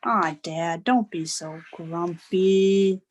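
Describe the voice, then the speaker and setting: A woman's voice: fairly low pitch, drawn-out words, dull audio, slight background noise. A woman voicing a cheerful, patient mother in a read-aloud storybook.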